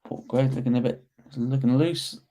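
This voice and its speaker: A man's voice: medium pitch, normal speed, dark tone. A young man hosting a fight watch-along, chatting casually to his viewers and stumbling over his words as he comments.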